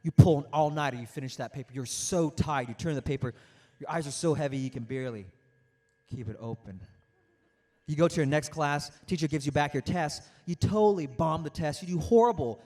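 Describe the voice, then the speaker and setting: Energetic young man giving a motivational talk. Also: a little high, brisk. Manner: animated, interactive, storytelling with acted-out quotes. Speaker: motivational speaker. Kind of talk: energetic motivational speech to a youth audience.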